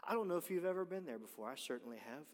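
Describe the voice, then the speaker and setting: A man preaching a sermon in a fairly high voice. His delivery builds to emphatic, near-shouted points, and a long reverb trails his words through the hall. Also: expressive, rapid-fire. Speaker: pastor.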